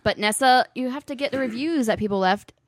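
A woman's voice: on the high side, fairly quick, no echo, studio quality. A woman co-hosting a casual podcast, brash and teasing, laughing often between lines. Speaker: podcast co-host.

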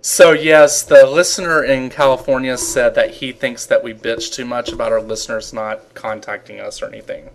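A man co-hosting a loose, casual talk show. He is chatty and laughs often. His pitch sits in the middle. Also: fairly even intonation, normal speed, gravelly, few pauses. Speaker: podcast co-host. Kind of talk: casual chat.

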